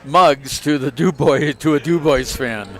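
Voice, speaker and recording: A man co-hosting casual halftime commentary at a high school basketball game, reading out stats steadily with folksy asides. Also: unhurried, crowd noise. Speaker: color commentator.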